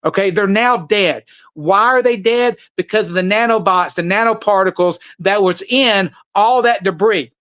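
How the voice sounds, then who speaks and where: High-pitched older man, urgent. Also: fairly bright tone, lo-fi sound. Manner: urgent, halting, repeats words and restarts. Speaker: guest. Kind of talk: podcast conversation.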